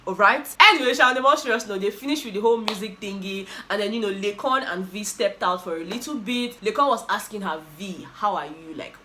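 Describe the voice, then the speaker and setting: A Nigerian woman with a Nigerian accent hosting a casual recap vlog, telling the story in an animated, exclaiming way and switching between English and Pidgin. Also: medium pitch, quick pace, few pauses, noisy background. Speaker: YouTuber host.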